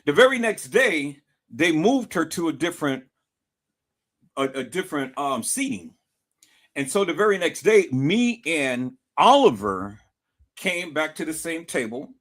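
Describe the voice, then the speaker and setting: A young man vlogging, telling a story casually to his viewers in an animated, emphatic, profanity-laced way, repeating phrases for effect. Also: a little high, measured pace.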